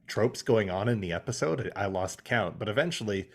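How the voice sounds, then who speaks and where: A man's voice: on the low side, very animated, brisk. A young man co-hosting a podcast, recapping a TV episode in casual chat, swearing and acting out the characters' lines. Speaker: podcast co-host.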